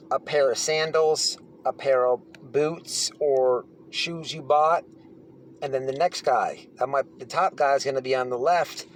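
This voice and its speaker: A man's voice: medium pitch, slight background noise. Blunt, profane man telling prison stories. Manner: blunt, profane, rambling with restarts. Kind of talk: casual storytelling monologue.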